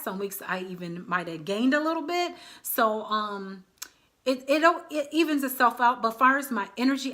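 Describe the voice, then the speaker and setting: A woman vlogger in her thirties talks casually straight to her viewers, calling them y'all. Her voice is bright and sits a little high, with an easy, friendly flow. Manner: chatty, addresses viewers as y'all. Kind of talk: casual chat to camera.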